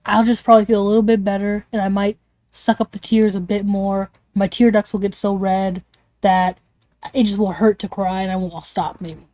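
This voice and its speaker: A woman's voice: medium pitch, level tone, normal speed, mellow, dry recording. A young woman streamer venting in a casual, rambling way, emotional and swearing often.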